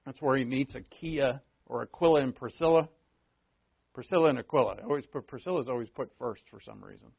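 Animated New pastor, lo-fi sermon. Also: male voice, fast talker, creaky, breathy edge. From New England. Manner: animated and joking, with big pitch swings. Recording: dull lo-fi sermon recording.

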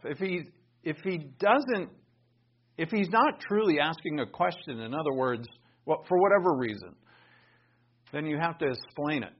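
A man's voice: a little high, animated, unhurried, long pauses, dull audio. A man teaching the Bible in an emphatic, conversational way, thinking aloud and restarting his sentences.

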